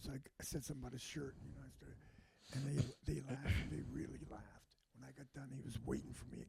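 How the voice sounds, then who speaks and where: A man's voice: medium pitch, fairly even intonation, quick pace, creaky, a little mellow, slight background noise. A man, a stand-up comedian, telling rambling stories in casual chat and repeating himself as he goes. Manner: rambling anecdotal storytelling with repeats.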